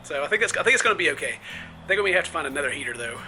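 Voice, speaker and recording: A young man from the southern United States chatting and explaining in a relaxed way on an outdoor porch at night, sometimes dropping to quiet asides. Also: a little high, racing, a little hiss or hum, low-quality recording. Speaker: vlogger. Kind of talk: casual vlog chat.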